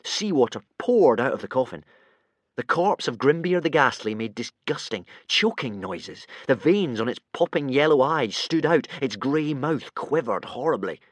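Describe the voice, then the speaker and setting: A man reading a children's audiobook aloud with lively, expressive narration. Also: medium pitch, normal speed, no room sound. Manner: lively, voices many characters.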